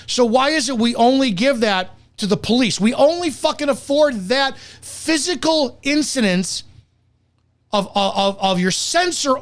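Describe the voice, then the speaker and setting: A man hosting reaction commentary, heated and profane, berating the person he is reacting to. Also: extremely high pitch. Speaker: commentator and host.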